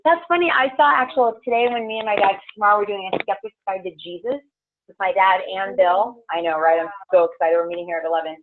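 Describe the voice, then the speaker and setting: A woman's voice: mid-range voice, fast talker, noisy background. Woman meditation leader, rambling casual chat, thin phone-like sound. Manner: rambling, chatty, full of "like". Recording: tinny phone-like lo-fi recording.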